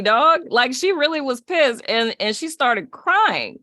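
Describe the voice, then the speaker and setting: Bright animated woman panelist. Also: sits high, slow, no room sound. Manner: animated, laughs between words, uses slang. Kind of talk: casual storytelling.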